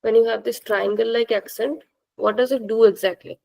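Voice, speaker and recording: A woman teaching a language class, speaking slowly and patiently and repeating words for her students. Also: a little high, steady tone, creaky, a little mellow, low-quality recording.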